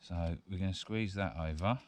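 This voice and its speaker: Demonstrating bushcraft outdoors in the woods, a male vlogger keeps up a casual, rambling chat punctuated by lots of chuckles. He speaks in a low pitch at a moderate pace, and background sounds of the outdoors are audible.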